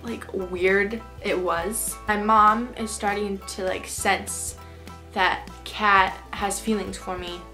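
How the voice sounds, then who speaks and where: A woman's voice: mid-range voice, fairly even intonation, slow pace, pushed and bright, soft background music. Young woman telling an exasperated story. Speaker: vlogger. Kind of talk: storytime vlog.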